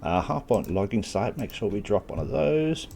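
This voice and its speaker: A man with a fairly low voice gives relaxed gameplay walkthrough commentary, reasoning out loud as he clicks through menus. He pokes fun at himself now and then and keeps catching the hiccups. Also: moderate pace, vocal fry, slight background noise. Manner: casual, thinking aloud with self-deprecating asides. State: has the hiccups. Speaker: gaming channel host.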